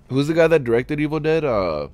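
A man's voice: fairly high pitch, wildly swooping pitch, normal speed, no echo. A young man hosting a casual podcast, rambling loosely and swearing often. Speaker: podcast host. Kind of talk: casual chat. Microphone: live stream setup.

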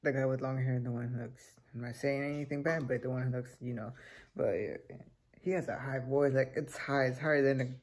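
A man's voice: mid-range voice, fairly even intonation, fairly quick, breathy edge. A teenage boy hosting a reaction video, chatting casually and rambling between remarks. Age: teens.

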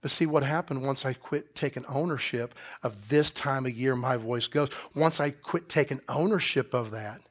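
A middle-aged man, the pastor, preaching a sermon loudly and emphatically, often restarting his sentences. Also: medium pitch, moderate pace, few pauses, highs cut off. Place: church sanctuary.

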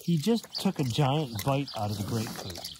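A man's voice: very animated, moderate pace. Man chatting to camera outdoors. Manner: coos in a high sing-song to his pig, plain chatty asides to camera. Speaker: pig owner filming his pet. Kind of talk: casual outdoor vlog narration. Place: outdoors on a rural farm. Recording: outdoor farm noise.

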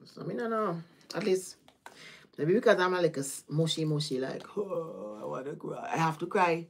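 A woman with a Caribbean accent gives a loose, chatty tarot reading on a livestream. Her voice sits a little low, and she drifts between thoughts and laughs often. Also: fairly quick, slightly rough. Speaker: tarot reader.

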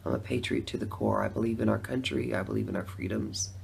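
A middle-aged woman telling her own story in a chatty testimonial vlog, laughing between lines and swinging from hushed to loud. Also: very deep voice, quick pace, gravelly, slight background noise.

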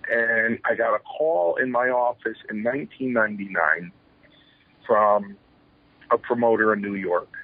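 Interview guest, man in his forties, husky, animated storyteller who acts out quotes; phone-line quality. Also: fairly low pitch, measured pace, no echo. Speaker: former pro wrestler, guest. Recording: tinny phone-line sound.

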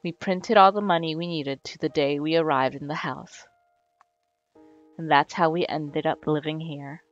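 A woman reading game dialogue aloud in a calm, unhurried way while playing with a co-host. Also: sits low, muffled recording, faint music behind. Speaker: let's play co-host.

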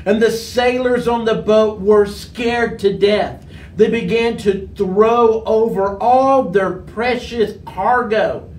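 Slow, high-voiced pastor telling a children's story. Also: male voice, slight background noise. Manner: animated storyteller acting out the characters. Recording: echoey room, mic far off.

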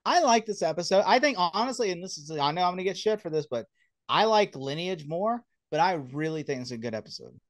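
A man's voice: high-pitched, expressive, fairly quick, dry recording, clean studio sound. A man co-hosting a casual podcast, rambling, laughing and acting out scenes. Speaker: podcast co-host. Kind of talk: casual chat.

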